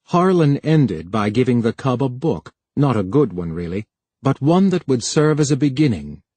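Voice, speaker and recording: Brief: male audiobook reader, measured, husky timbre, dead-dry booth. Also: medium pitch, big pitch swings, warm tone, no echo. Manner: measured storytelling. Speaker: audiobook narrator. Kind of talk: scripted narration.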